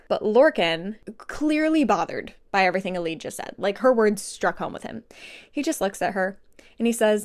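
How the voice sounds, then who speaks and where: A woman in her twenties giving a casual, animated plot recap as a book vlogger, laughing to herself at times. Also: medium pitch, a little fast. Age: 20s.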